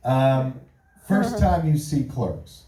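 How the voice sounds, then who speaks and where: A man hosts a live podcast onstage, spinning animated, cuss-heavy stories in a relaxed, mellow voice. The mic sits well back, and the venue echoes around him. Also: medium pitch, slow pace, far from the mic, slight background noise. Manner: profane, animated storyteller. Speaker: podcast host. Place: live stage before an audience.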